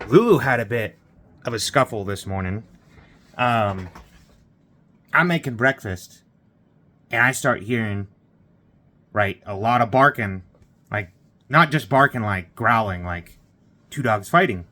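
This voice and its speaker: A man's voice: fairly low pitch, unhurried, long pauses, sharp tone. A man vlogging, retelling a morning story in a rambling way with lots of fillers and quoted dialogue. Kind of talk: casual vlog storytelling.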